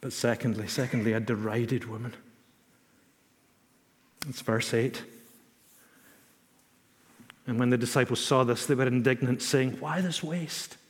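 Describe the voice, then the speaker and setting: A man's voice: medium pitch, flat delivery. Man preaching a sermon in a reverberant hall. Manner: measured, emphatic, repeats phrases for stress.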